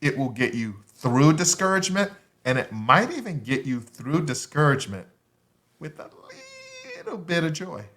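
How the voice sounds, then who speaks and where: A man giving a motivational talk, emphatic and conversational, with punchy repeated lines and drawn-out pauses. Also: on the high side, very animated, a bit bright. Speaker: motivational speaker.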